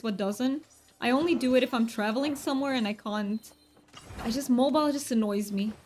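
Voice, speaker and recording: A woman's voice: a little high, a little hiss or hum. A young woman streaming a cozy game from home, chatting and giggling as she plays. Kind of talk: casual chat while gaming.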